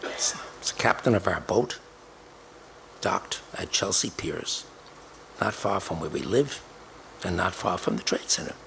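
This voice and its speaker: A man's voice: low voice, a little slow, gravelly, pauses often, a bit bright, slight background noise. An older man telling a personal story emphatically, acting out the dialogue he quotes.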